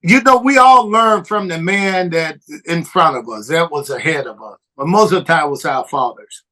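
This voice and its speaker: Relaxed male podcast co-host, slightly high. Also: moderate pace, low-quality recording. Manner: relaxed, short encouraging interjections. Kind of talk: casual interview.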